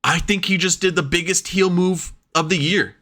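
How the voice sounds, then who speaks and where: A man co-hosting a wrestling podcast in casual chat, excitable and swearing freely as he acts out his reactions. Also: high voice, normal speed. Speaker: podcast co-host.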